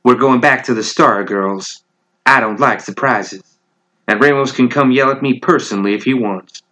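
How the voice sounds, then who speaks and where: A man's voice: mid-range voice, normal speed, bright, forceful tone. A man doing a sly troupe-leader woman. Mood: cool, decisive. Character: sly, commanding woman leading a dance troupe.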